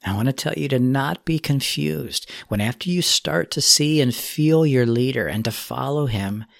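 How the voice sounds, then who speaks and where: A man giving a sermon, speaking in an earnest, measured way as he exhorts his listeners. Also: mid-range voice, vocal fry, no room sound, clean studio sound. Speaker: preacher.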